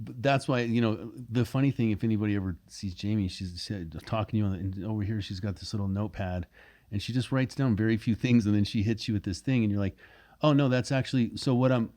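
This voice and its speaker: A young man hosts a casual interview, his voice sitting low and mellow. He talks candidly and loosely, circling back on his thoughts and swearing without a second thought. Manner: candid, rambling, swears freely. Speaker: podcast host.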